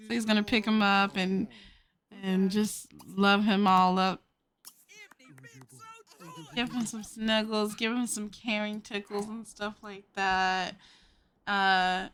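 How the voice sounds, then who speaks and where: A woman narrating a life-sim game in casual commentary, chattering and putting on quick voices for the characters herself, with giggly asides. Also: medium pitch, fairly even intonation. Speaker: gameplay host. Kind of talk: casual let's-play commentary. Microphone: desk microphone.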